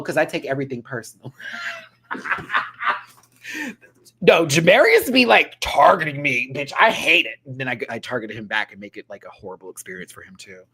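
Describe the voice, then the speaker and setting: Against slight background noise, a man with a mid-range voice hosts a live-stream reaction, reviewing drag shows in a relaxed, chatty way. Laughing a lot, he imitates others in quoted asides and warmly addresses viewers by name.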